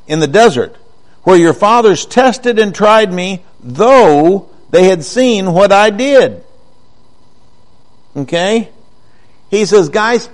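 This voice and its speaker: A man preaching a conversational sermon, walking through Bible passages with rhetorical questions and an animated, teaching manner. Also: sits high.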